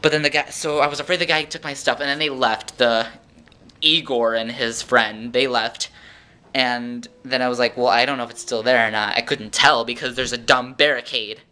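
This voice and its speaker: A man telling a rambling, animated story in a casual vlog, acting out the voices of the people in it. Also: mid-range voice, normal speed, clean tone. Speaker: vlogger.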